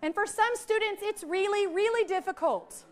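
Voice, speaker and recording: A middle-aged woman, leading a lively, chatty teacher training workshop for a group in a training room. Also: very high voice, normal speed. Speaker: literacy trainer.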